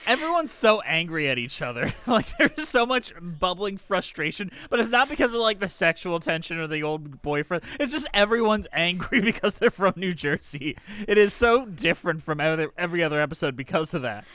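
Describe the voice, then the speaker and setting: A man's voice: sits high, very animated, pushed and bright. A young man hosting a podcast in casual chat, playful and jokey. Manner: playful, jokey, quick bursts of put-on voices. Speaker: podcast host.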